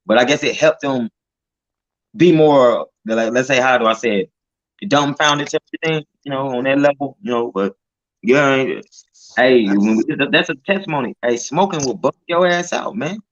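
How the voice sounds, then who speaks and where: A man's voice: medium pitch, normal speed, dull audio. A man telling testimonies in casual slang, tagging his lines with "man" and "you know", with some profanity. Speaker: street preacher in group discussion.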